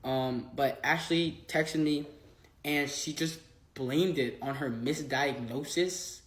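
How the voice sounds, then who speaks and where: Man telling a story fast in an echoey room. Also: on the high side. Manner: rapid retelling full of quoted dialogue and filler "like". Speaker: vlogger. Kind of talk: casual storytelling.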